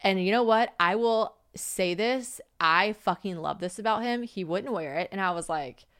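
A young woman hosting a podcast, chatting casually and telling lively stories, acting out quotes and swearing freely. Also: medium pitch, moderate pace, smooth. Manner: animated storytelling, acting out quotes, frequent swearing. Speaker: podcast host. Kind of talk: casual chat.

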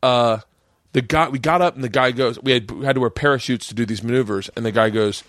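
A man hosting a podcast, telling a rambling, profane, animated story with many restarts in casual chat. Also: mid-range voice, quick pace, dry recording. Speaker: podcast host.

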